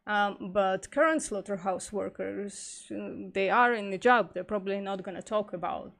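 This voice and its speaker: A woman hosting a live stream, reading and commenting aloud in a halting, thinking-aloud way, her voice getting hoarse. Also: medium pitch. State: losing her voice. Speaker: vegan streamer.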